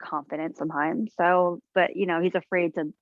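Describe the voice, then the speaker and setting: A woman's voice: fairly low pitch, fairly even intonation, moderate pace, no echo, narrow, tinny audio. A woman chatting casually as a podcast co-host, rambling with lots of fillers. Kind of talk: casual chat.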